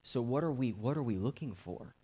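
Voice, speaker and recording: A man's voice: mid-range voice, expressive, brisk, warm tone, husky. A middle-aged man preaching a fervent, urgent sermon as a guest preacher, his volume swelling and dropping as he presses his points.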